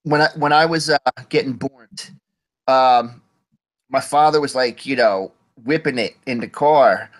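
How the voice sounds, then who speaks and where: A man's voice: medium pitch, unhurried, poor audio. A man in casual chat, rambling through a laid-back story.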